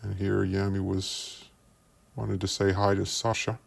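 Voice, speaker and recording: A man's voice: low-pitched, little pitch movement, vocal fry, breathy edge. A man giving investigative commentary, explaining screenshots step by step and often repeating words as he builds a point. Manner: measured, explains by walking through screenshots. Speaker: commentary youtuber.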